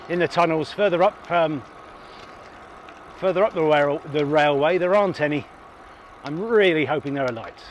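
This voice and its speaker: A man's voice: a little high, a little hiss or hum. Chatty man narrating while cycling outdoors. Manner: chatty, enthusiastic, thinking aloud with fillers. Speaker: cycling vlogger. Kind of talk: casual narration while riding. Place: outdoors on a bike, roads and a greenway with tunnels. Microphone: action camera on the bike.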